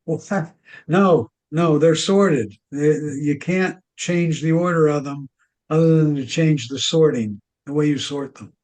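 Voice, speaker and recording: A man teaching a relaxed technology class, with a fairly high voice. He chuckles often and slips into an easygoing, folksy storytelling manner. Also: unhurried. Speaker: class instructor. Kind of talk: casual class Q&A and joke-telling.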